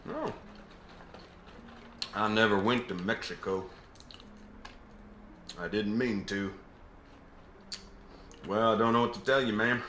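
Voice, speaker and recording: Brief: man playing a courteous older Southern US vet, put-on drawl, bright, echoey room. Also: fairly low pitch, steady tone, takes it slowly, pauses often, slight background noise, voice pushed down. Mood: bashful.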